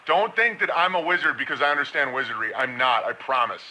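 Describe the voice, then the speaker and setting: Bright-voiced man rambling conspiracy commentary. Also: medium pitch, fast, a little hiss or hum, rough recording. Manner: rambling, conspiratorial, with mocking impressions. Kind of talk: casual commentary monologue.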